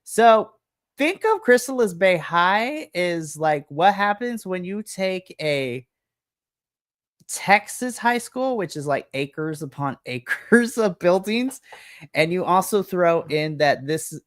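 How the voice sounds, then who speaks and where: A woman with a fairly low voice runs a tabletop game on a live stream, narrating scenes in a chatty, rambling way. She laughs often and leans on fillers as she talks. Her voice is recorded close and dry. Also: expressive, slow pace, no room sound. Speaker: game master.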